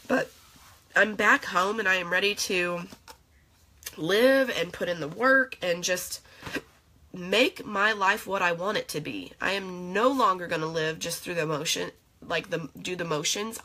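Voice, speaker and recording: Bright, chatty young woman vlogging. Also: on the low side. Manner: emotional, chatty, full of fillers. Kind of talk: casual reflective vlog.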